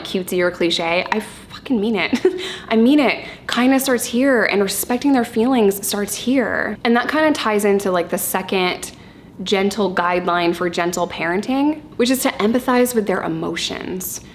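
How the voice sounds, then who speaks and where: A woman in her thirties talking candidly and casually to camera about her parenting, chatty and quick to laugh. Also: mid-range voice, slight background noise. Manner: candid, chatty, laughs easily, occasional swearing. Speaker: parenting vlogger.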